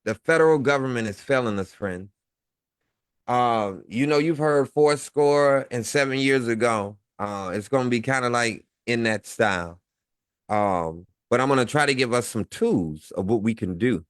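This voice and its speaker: A man's voice: mid-range voice, unhurried, smooth, no echo, clean studio sound. A man co-hosting a casual online talk show, talking in a rambling way with lots of fillers and chuckles. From Midwest United States. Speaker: co-host. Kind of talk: casual livestream chat.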